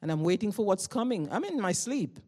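A woman's mid-range, sing-song voice moves briskly through a sermon from the pulpit, loud and impassioned. Relaxed conversational stories break into sudden waves of feeling, and her direct, personal delivery seems meant for each listener.

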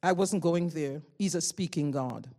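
A woman preaching a sermon in a loud, fervent way, telling stories in a conversational tone that climbs into emotional bursts. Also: deep voice, a little slow.

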